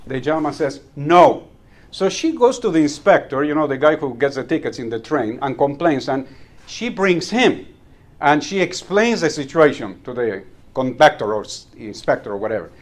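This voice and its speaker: A man with a slightly raised pitch delivers a humorous speech to a live club audience. He tells his stories at an easy pace and chuckles at his own punchlines. He sometimes repeats a word as he restarts a sentence. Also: sing-song, normal speed. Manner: storytelling, chuckles at own jokes, repeats words when restarting. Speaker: Toastmasters club speaker.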